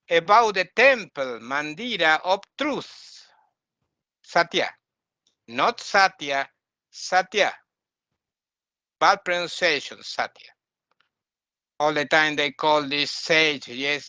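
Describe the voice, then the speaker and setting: A man's voice: sits high, pushed and bright, dry recording. A man teaching a lesson, emphatic, repeating and correcting words again and again. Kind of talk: lecture on Sanskrit texts. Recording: dull lo-fi recording.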